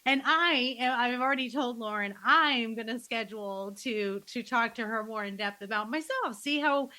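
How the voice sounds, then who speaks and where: Woman, podcast host, casual interview, enthusiastic, high-ish pitch, sharp bright tone. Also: normal speed, rough recording. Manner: eager, enthusiastic.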